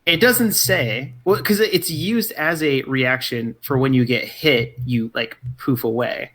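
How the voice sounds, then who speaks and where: A man's voice: medium pitch, fairly bright tone, husky. A man playing a tabletop game, chatting casually, flustered and joking. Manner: flustered, joking, quick asides. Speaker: player.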